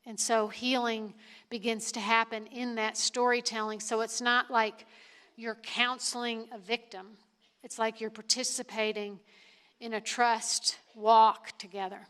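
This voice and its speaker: A woman's voice: on the high side, little pitch movement, measured pace, a bit bright, clean tone. A middle-aged woman, a priest and nonprofit leader, answering questions on stage with earnest, emphatic storytelling. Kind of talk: live Q&A talk on stage.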